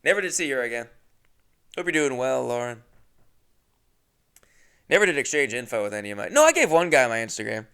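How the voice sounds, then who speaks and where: A man's voice: medium pitch, big pitch swings, a little fast, creaky, long pauses, bright, forceful tone, smooth. A young man telling a rambling, self-deprecating comic story as a comedian, full of asides.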